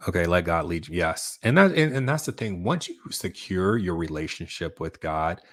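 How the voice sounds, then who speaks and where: A man's voice: sits low, animated, normal speed, dry recording. A man hosting a casual livestream chat, rambling with many fillers and restarts as he reads viewer comments. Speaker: YouTube channel host.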